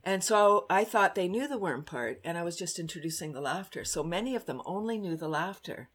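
A chatty woman from Canada speaks as a guest in a casual interview, often breaking into laughter. Her voice sits a little low for a woman, and her telling is animated. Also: brisk, slightly rough. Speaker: guest, worm composting business owner.

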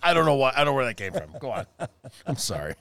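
A man's voice: mid-range voice, very animated, fast, crowd noise. A man co-hosting a podcast in casual chat, joking and swearing freely with a sarcastic streak.

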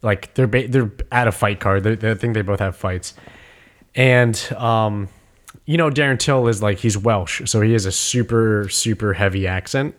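A man's voice: on the low side, moderate pace. A young man in casual chat, telling stories in a rambling way with many fillers and restarts. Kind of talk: casual chat about combat sports.

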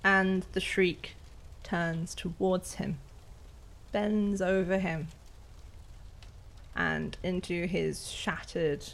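A woman narrating a tabletop game as game master with dramatic, measured storytelling. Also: lowish voice, fairly even intonation, vocal fry.

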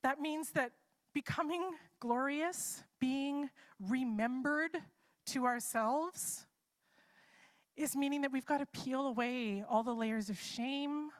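A woman's voice: high-pitched, slow pace. A woman preacher giving a live sermon in a casual, chatty way, posing many rhetorical what-if questions.

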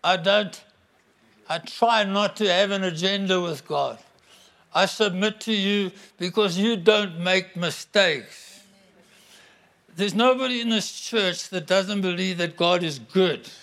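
A middle-aged man preaching a sermon to a congregation, emphatic and animated. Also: sits high, takes it slowly, long pauses. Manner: animated, emphatic, bursts into acted-out quotes.

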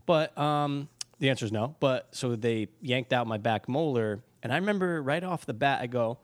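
A man's voice: medium pitch, normal speed, hardly any pauses. A man co-hosting a podcast, telling rambling stories in casual chat and acting out the dialogue. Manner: rambling storyteller, acts out dialogue. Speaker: podcast co-host.

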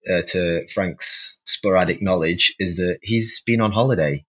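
A man with a very low, husky voice weighs in on a sports podcast. He speaks in a measured way, hedging and repeating phrases while he works out his point. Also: pushed and bright, low-quality recording. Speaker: podcast panelist. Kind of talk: casual chat.

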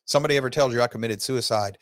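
In an unscripted online lesson, the teacher talks very fast in a medium-pitched voice, delivering an earnest, meandering lecture full of heated rhetorical questions. The recording is dry.

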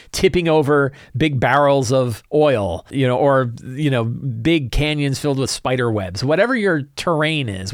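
A man hosting a casual solo talk show, speaking in an animated, conversational way and often checking in with "right?". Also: mid-range voice, no room sound, studio quality. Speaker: host.

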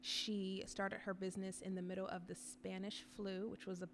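A woman's voice: medium pitch, moderate pace. A middle-aged woman who owns a coffee shop, talking casually and enthusiastically in an interview. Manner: enthusiastic, expressive. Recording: faint background noise.

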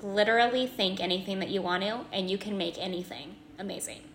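A woman's voice: mid-range voice, a little fast, a bit bright. A young woman co-hosting a podcast with her mother, chatting in an agreeable, enthusiastic way. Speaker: podcast co-host. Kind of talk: casual podcast chat.

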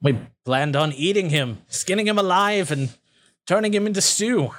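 A man's voice: high voice, animated, moderate pace, a bit bright, pitched above the performer's own voice. A man voicing a scheming male goblin warlord who speaks with false courtesy in a tabletop game. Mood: menacing.

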